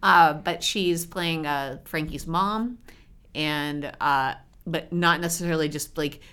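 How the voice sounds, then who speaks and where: A woman co-hosting a podcast in casual banter, enthusiastic and animated, laughing easily. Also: low voice, slow, clear, resonant tone. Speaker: podcast co-host.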